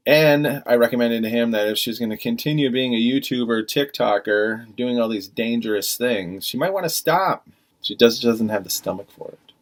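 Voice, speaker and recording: A man's voice: lowish voice, expressive, normal speed. A middle-aged man casually telling a retail work story on a podcast, profane and exasperated, acting out quotes.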